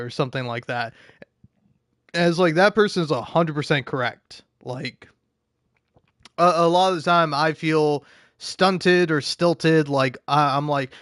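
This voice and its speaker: A man's voice: a little high, steady tone, unhurried, fairly bright tone, clear, resonant tone, no room sound, clean studio sound. A man live streaming, talking in a casual, rambling, profane and self-deprecating way, often laughing.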